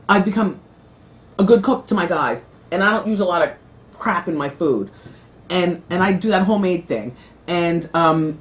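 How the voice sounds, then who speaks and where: A middle-aged woman hosting a talk show, chatting candidly and rambling, her talk full of "you know" and "like". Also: lowish voice. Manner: candid, dramatic storytelling. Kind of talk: casual after-show chat.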